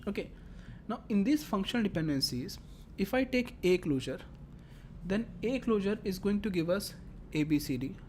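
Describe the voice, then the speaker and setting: Repetitive woman lecturing with a mellow voice. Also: medium pitch, animated, moderate pace, slight background noise. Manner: explains step by step, repeats phrases, fillers. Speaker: teacher. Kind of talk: classroom lecture.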